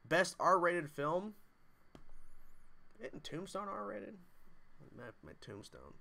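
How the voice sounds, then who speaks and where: Animated young man reading stream comments. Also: sits high, drawn-out words, creaky. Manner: animated, jokey, reads viewer comments aloud. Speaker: livestream host. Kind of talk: casual livestream chat reading comments.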